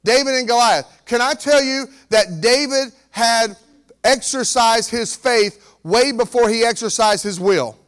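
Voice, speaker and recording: The speaker, a man in his forties who is a pastor, gives an animated sermon, playing the characters of the story as he moves from loud to quiet. His pitch is extremely high and his pace measured.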